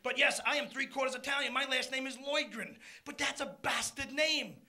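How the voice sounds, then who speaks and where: A middle-aged man doing a live stand-up routine, punchy and loud, shouting his punchlines. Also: very high-pitched, normal speed. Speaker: stand-up comedian.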